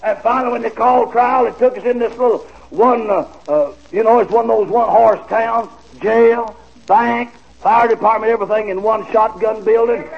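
Folksy preacher telling a story. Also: male voice, high-pitched, normal speed, gravelly. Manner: folksy, animated storytelling with laughter and drawled asides. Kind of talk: storytelling sermon. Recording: dull old radio-style recording with faint hiss.

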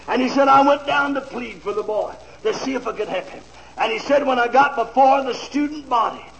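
A man preaching a fiery revival sermon, often shouting praise to a congregation. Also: extremely high pitch, gravelly. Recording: dull lo-fi recording with crowd.

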